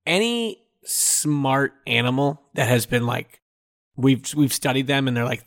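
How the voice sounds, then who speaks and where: A man's voice: medium pitch, animated, unhurried, fairly bright tone. Rambling joking man co-host. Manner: rambling, jokey, confidently wrong guesses. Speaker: podcast co-host. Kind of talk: casual comedic chat.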